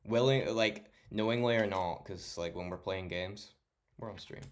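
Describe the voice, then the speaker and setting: Low-voiced streamer man, swearing freely. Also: normal speed. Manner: swears a lot, chatty, talks to chat by name. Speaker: livestreamer. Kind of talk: casual late-night stream chat.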